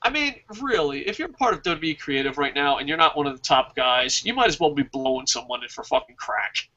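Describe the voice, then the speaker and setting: A man hosting a casual wrestling review podcast, talking excitably with lots of swearing and reading out live chat comments. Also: on the high side, fairly quick. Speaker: podcast host. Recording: dull lo-fi podcast audio.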